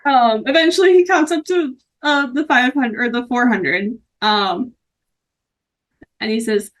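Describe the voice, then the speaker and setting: A woman's voice: a little high, measured pace, fairly bright tone. A woman narrating as game master in a tabletop game, playful in tone.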